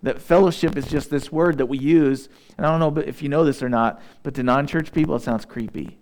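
A male pastor's sermon alternates between slow, deliberate scripture reading and relaxed, conversational asides addressed to his listeners. His voice is somewhat high, and he is from Southeast Missouri.

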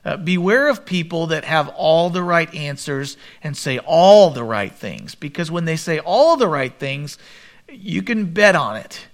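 A man preaching a sermon, reading scripture aloud and commenting, with a quieter, lower voice for the quoted speakers. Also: a little slow. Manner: expressive Bible reading with commentary, drops voice for quoted lines. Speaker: pastor.

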